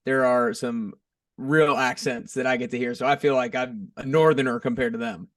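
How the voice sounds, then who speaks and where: An easygoing man with a light Southern accent chats as a podcast guest, friendly and laid-back. His pitch sits in the middle range, and the sound is dry but a little distant from the mic. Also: steady tone, normal speed, a bit bright, no echo. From Atlanta, Georgia. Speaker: podcast guest, fitness coach. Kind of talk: casual interview chat.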